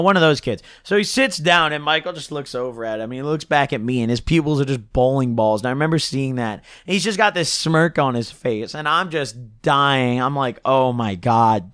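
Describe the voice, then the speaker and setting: A man's voice: medium pitch, fairly bright tone, no echo, studio quality. A young man telling a long story to the camera, casual and slangy, rambling with constant filler words, his throat a bit scratchy. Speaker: storyteller vlogger.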